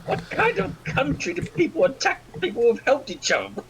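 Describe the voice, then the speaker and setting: A man voicing a prickly foreign traveler in a tabletop game, with a hammy, deliberately bad British accent and a huffy way of snapping back. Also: very high voice, huge pitch swings, fairly bright tone, slight background noise, voice pushed up, heavily acted. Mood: indignant. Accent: British, played up badly on purpose. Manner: huffy, quick to snap back.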